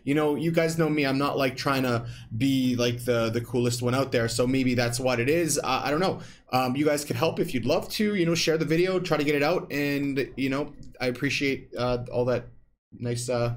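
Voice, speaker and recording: Male livestream host, slightly high voice, chatty and filler-heavy, faint noise behind. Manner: chatty, reads viewer comments, nervous laughs, many fillers. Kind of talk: casual livestream chat.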